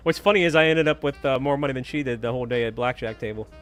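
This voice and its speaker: A man's voice: mid-range voice, rapid-fire, soft background music. A man chatting casually with viewers during a live stream, telling stories and humming to himself.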